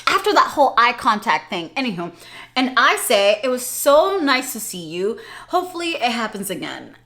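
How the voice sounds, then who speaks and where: A young adult woman vlogging, telling a story in a chatty, animated way and laughing often. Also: a little high, moderate pace. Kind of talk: casual storytelling vlog.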